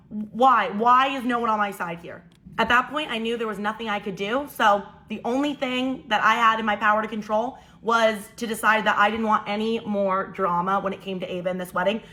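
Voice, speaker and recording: Bright, exasperated young woman storyteller. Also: on the high side. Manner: animated, exasperated, incredulous. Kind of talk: storytime vlog narration.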